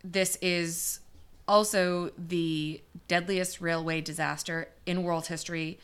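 A woman's voice: on the low side, fairly even intonation, takes it slowly, clear, resonant tone. A young woman co-hosting a podcast, casually recounting a disaster story with fillers and the odd curse word. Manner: chatty, swearing, many fillers. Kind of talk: casual chat.

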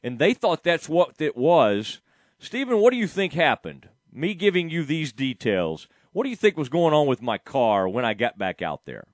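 A man's voice: fairly high pitch, very animated, normal speed, no echo, studio quality. A middle-aged man hosting a radio show, rambling casually, laughing often and talking to his producer. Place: radio studio.

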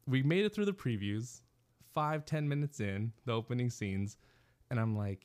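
A man co-hosting a podcast in casual chat. He tells stories with animated energy and laughs often, with a voice of middling pitch. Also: normal speed. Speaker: podcast co-host.

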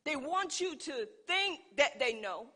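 Fervent high-voiced woman preaching. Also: animated, slow, bright, forceful tone. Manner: call-and-response preaching, rising to fervent emphasis. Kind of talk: sermon.

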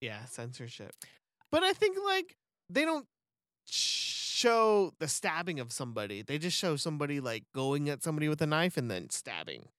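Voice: medium pitch, wildly swooping pitch, normal speed, fairly bright tone, dry recording, clean studio sound. A podcast co-host in casual chat who laughs often and fills speech with "like.". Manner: laughs often, says "like" a lot.

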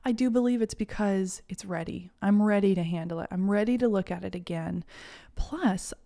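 A woman's voice: mid-range voice, moderate pace, gravelly, dark tone. A woman hosting a self-help podcast, talking earnestly and encouragingly to her listeners as a confidence mentor. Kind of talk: reflective solo podcast talk.

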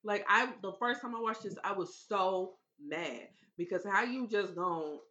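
A woman co-hosting a movie review podcast, retelling the plot in casual chat and sounding animated and exasperated, swearing freely. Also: mid-range voice, measured pace, lo-fi sound.

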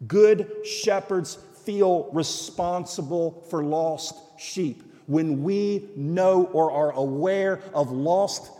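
A man's voice: on the high side, takes it slowly, hardly any pauses. A man preaching a sermon as a guest speaker, telling stories and acting out the voices of the people in them. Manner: animated storytelling, acting out quoted voices. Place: church sanctuary. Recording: long church reverb.

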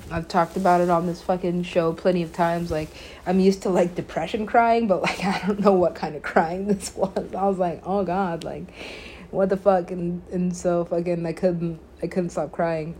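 A woman with a slightly low voice talks through a story on her own podcast. She rambles, leans hard on filler words, swears freely and laughs often as she goes. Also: darkish tone, slight background noise. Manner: laughs often while telling. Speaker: podcast host. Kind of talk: casual storytelling monologue.

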